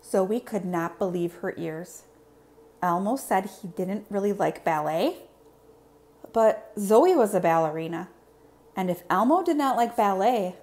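A woman, a teacher, reading a children's story aloud with expressive, animated narration. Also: mid-range voice.

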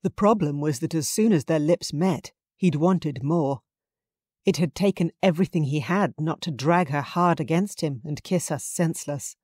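Woman reading an audiobook, really low voice, calm, super dry close sound. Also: normal speed, breathy edge, dry recording. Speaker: audiobook narrator. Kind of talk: scripted narration.

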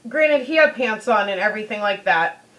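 A woman's voice: mid-range voice, lively intonation, moderate pace, a bit bright, low-quality recording. A woman beauty vlogger telling a personal story in a chatty way, full of "you know"s. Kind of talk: casual storytelling.

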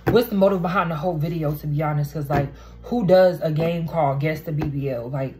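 Blunt low-voiced young woman ranting. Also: brisk, hardly any pauses, dark tone, faint music behind, rough recording. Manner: blunt, slangy, swears freely. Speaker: vlogger. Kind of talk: casual mukbang vlog rant. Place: indoors at home, poor lighting.

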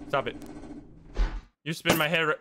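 A man's voice: fairly high pitch, unhurried, background noise. A young man streaming a video game live, reacting with laughter, surprise and swearing as he plays. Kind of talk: live gameplay commentary. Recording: game music under voice. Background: game music.

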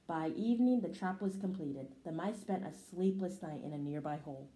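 A woman reading a children's picture book aloud in an expressive storytelling manner. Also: low voice, moderate pace, hardly any pauses. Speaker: storybook reader. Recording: roomy echo.

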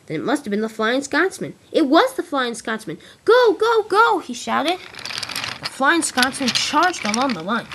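A woman reading a train story aloud, with lively character lines between plainer narration. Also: mid-range voice, a little hiss or hum. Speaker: storyteller reading all parts. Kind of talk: amateur read-aloud storytelling of a train tale.

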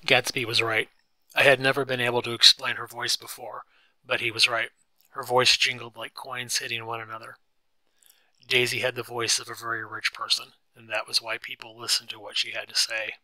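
A man giving clear, steady scripted narration of a simplified novel. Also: medium pitch, normal speed, no room sound, rough recording. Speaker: reader.

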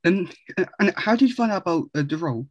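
A man asking short interview questions in a quick, hesitant way. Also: high-pitched, lively intonation, a little mellow, muffled recording.

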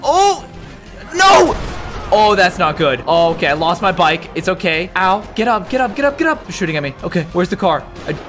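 A man narrating his gameplay in a fairly high voice that swoops up and down with every twist. He talks in an excited, jumpy way and breaks into yelps and shouts when something surprises him. Faint background music runs under his voice. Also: quick pace, few pauses. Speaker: gaming YouTuber.

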